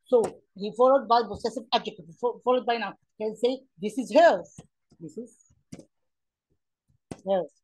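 A woman's voice: on the high side, normal speed, long pauses, a little mellow, slightly rough, poor audio. A woman teaching an English grammar lesson online, explaining step by step with many fillers and questions to the pupils.

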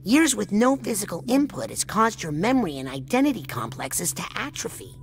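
A woman's voice: mid-range voice, big pitch swings, fairly quick, a little hiss or hum. Raz, an earnest young boy. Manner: earnest, matter-of-fact, kindly. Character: curious young psychic boy, earnest and polite. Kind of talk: video game voice acting. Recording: game audio with music behind.

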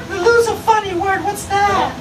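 A woman performing improv comedy, playful and giggly. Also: very high-pitched. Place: theater stage. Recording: distant mic, echoey room, loud noise.

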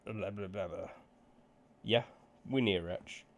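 A man voicing a wary rural farmer in a put-on Russian accent, in halting, broken phrases. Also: lowish voice. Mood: gruff.

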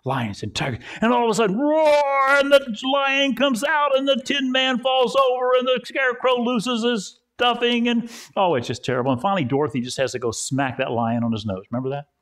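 A man's voice: extremely high pitch, fast, few pauses, fairly bright tone. A male pastor preaching a conversational sermon at a church service, telling stories and repeating phrases for emphasis.

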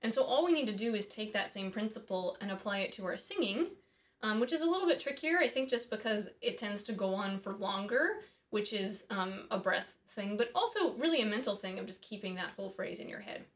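A woman's voice: medium pitch, animated, a little fast. A woman teaching singing in a casual, chatty way, thinking aloud and dropping in small asides as she explains. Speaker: voice and harp teacher. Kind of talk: casual instructional talk.

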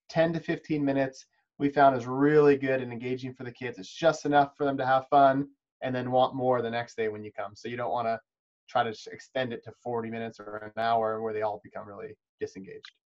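A man's voice: medium pitch, fairly even intonation, brisk, darkish tone, dull audio. A man leading an instructional webinar for preschool teachers, explaining in a friendly, encouraging, practical way over a video call. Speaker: webinar presenter teaching chess to preschool educators. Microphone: video call microphone.

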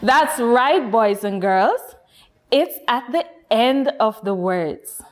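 Slow, lively-voiced nursery teacher woman. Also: on the high side, soft background music. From Guyana. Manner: slow, lilting, encouraging teacher voice addressing children. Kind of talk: children's phonics lesson.

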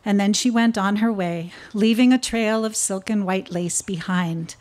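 A woman speaks at a memorial service in a church and reads a children's story aloud. She talks slowly, with a nervous, halting edge. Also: medium pitch, a little mellow.

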